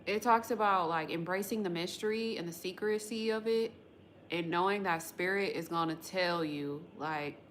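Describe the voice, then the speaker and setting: A woman's voice: on the low side, normal speed, a little hiss or hum. A woman hosting a tarot livestream, chatting loosely with viewers in a slangy, rambling way and swearing casually. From West Coast of the United States. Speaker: tarot reader livestream host.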